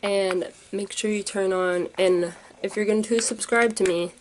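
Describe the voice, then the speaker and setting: A woman's voice: mid-range voice, fairly even intonation, a little slow, slight background noise, rough recording. A young woman vlogging casually, rambling and unsure, with many fillers. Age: young adult. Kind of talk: casual vlog.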